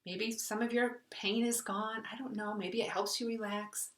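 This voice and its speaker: A woman hosts a reflective spiritual talk, speaking earnestly and conversationally in a fairly high, steady voice at a moderate pace. She retells a story with voiced quotes, recorded far from the mic in an echoey room.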